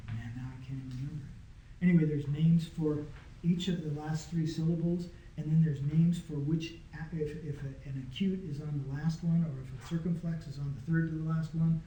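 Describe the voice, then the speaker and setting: A man's voice: on the high side, mellow, muffled recording, slight background noise. A man teaching a small Greek class in a casual, patient way, often checking that his students follow. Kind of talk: informal classroom lesson. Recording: echoey room.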